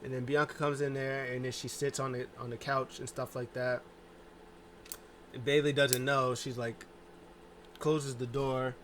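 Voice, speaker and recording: A man talks through a casual recap in a loose, rambling way, leaning hard on filler words. His voice sits at an ordinary middle pitch. Faint room ambience hums behind him. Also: flat delivery, unhurried, long pauses, a bit bright, slight background noise. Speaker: wrestling show reviewer.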